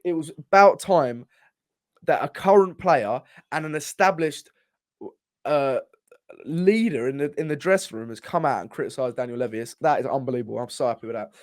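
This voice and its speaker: A man co-hosting a football podcast, talking in an excitable, sweary, rambling way with many restarts. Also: mid-range voice, fairly quick. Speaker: podcast co-host. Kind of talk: casual football chat.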